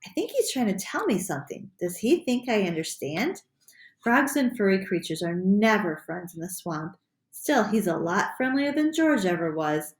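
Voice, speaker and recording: A woman reading a children's chapter book aloud in an animated, playful storytelling voice. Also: mid-range voice, normal speed. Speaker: audiobook reader. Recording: echoey room.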